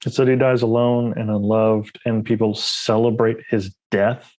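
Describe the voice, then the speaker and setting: Man, podcast co-host, eager, rushed speech, frequent restarts. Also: fairly low pitch, little pitch movement, a little mellow, poor audio. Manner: fast, enthusiastic, many restarts. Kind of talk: casual podcast chat.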